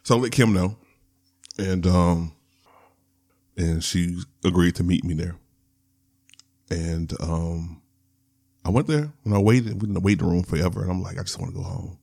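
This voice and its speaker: A man's voice: sits low, measured pace, long pauses, dark tone. A man hosting a podcast, telling a personal story in a candid, rambling way. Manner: candid, rambling, with laughs and restarts. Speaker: podcast host.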